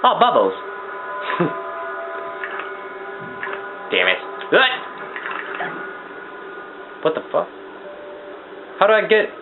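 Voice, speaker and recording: An excitable young man gives casual gameplay commentary, swearing freely and talking back to the game in a lively, slightly high voice. The sound is thin and phone-like, with a clear hiss of noise behind him. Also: slow, long pauses. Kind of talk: casual let's-play commentary. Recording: tinny lo-fi mic with noise.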